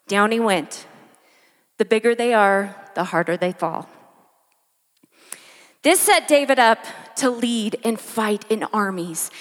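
A woman preaching a sermon, repeating key lines and pausing for emphasis. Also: a little high, in a large hall. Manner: dramatic pauses and repetition for emphasis.

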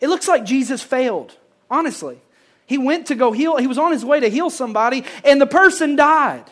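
A pastor preaching a sermon, swinging between loud emphasis and hushed lines and repeating phrases for effect. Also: sits high, lively intonation, moderate pace.

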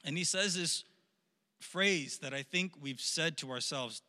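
A man's voice: on the high side, a little slow, bright, forceful tone. A man in his thirties preaching a casual youth sermon, repeating words and leaning hard on key phrases. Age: 30s. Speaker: youth pastor. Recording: long hall reverb.

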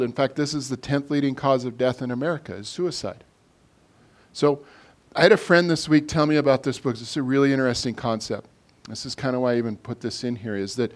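A man preaching a casual sermon to a congregation, talking in a loose, conversational way full of fillers and restarts. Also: mid-range voice.

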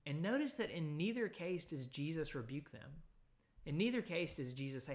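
A man preaching a sermon in a conversational teaching tone, pausing with fillers and reading scripture passages aloud. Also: on the high side, animated. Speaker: pastor.

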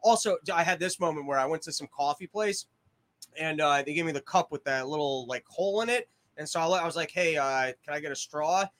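A man's voice: a little high, fairly quick, fairly bright tone. A man hosting a casual podcast from a small shed studio, ranting and joking with lots of swearing. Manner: profane rambling comedic rants. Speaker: podcast host.

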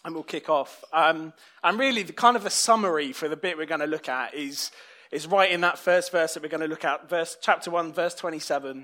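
A man's voice: fairly high pitch, a little fast, bright, forceful tone. A man preaching a sermon in a conversational, self-deprecating way.

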